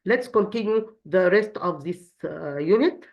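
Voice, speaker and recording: A woman's voice: fairly low pitch, expressive, creaky. Woman, English teacher, hesitant with many fillers, slightly muffled lo-fi recording. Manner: halting, many fillers and restarts. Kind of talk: explaining a grammar lesson.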